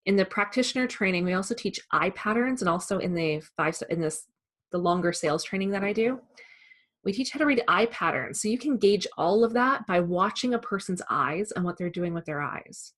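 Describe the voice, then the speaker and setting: A woman who trains salespeople, giving a calm, measured instructional talk. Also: mid-range voice. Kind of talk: instructional presentation.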